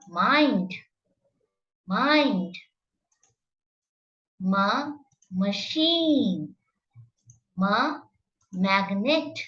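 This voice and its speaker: A woman's voice: medium pitch, fairly bright tone, highs cut off. A woman teaching phonics to children, sounding out each letter carefully and praising the listener. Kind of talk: slow, exaggerated phonics teaching.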